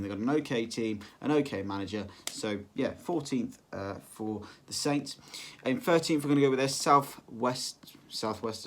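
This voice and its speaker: Male vlogger, casual and rambling, filler-heavy delivery. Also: medium pitch. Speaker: football vlogger. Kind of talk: casual solo prediction vlog.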